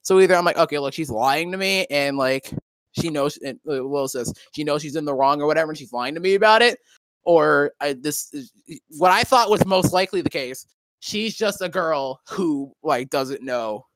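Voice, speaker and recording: A man's voice: a little high, moderate pace, fairly bright tone, dry recording. A young man telling a story in casual chat, rambling and profane with many fillers and restarts. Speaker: co-host.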